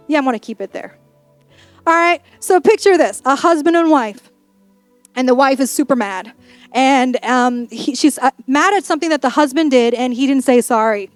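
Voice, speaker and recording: A woman's voice: high-pitched, moderate pace, no echo, soft background music. A woman pastor preaching a sermon in a church, in a playful, conversational way with acted-out asides.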